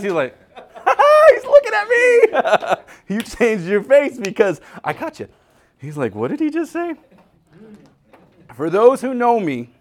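Lively, joking male preacher. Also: on the high side. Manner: animated, jokey, acts out little scenes. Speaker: pastor. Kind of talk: humorous sermon.

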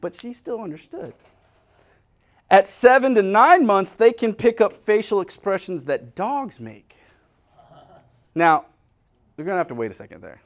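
A man preaching with a bouncy, storytelling energy, his voice swooping up and down as he plays out everyday scenes. His voice sits a touch high for a man, and he keeps turning to his congregation to pull them into the joke. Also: moderate pace, long pauses. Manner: animated storyteller, acting out scenes; talks directly to the congregation. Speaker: pastor. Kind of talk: humorous conversational sermon.

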